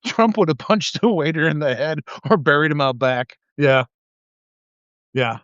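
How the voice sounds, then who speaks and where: A man's voice: a little high, unhurried, clean tone, no room sound. Casual man ranting on a livestream. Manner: animated storytelling, acts out quotes in a raised voice. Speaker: live stream host. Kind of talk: casual monologue. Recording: slightly dull lo-fi sound.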